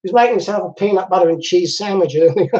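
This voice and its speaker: A man's voice: high-pitched, fast, darkish tone. A man hosting a casual live chat from home, chatting and laughing easily as he reads out viewer comments. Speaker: livestream host. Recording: dull lo-fi livestream audio.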